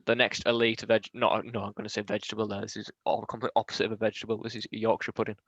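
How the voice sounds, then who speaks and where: Fast-talking young man, gravelly. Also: lowish voice, completely flat delivery, a bit bright, dry recording. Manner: chatty, rambling, swears freely. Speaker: podcast co-host. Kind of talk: casual banter. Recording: dull lo-fi podcast mic.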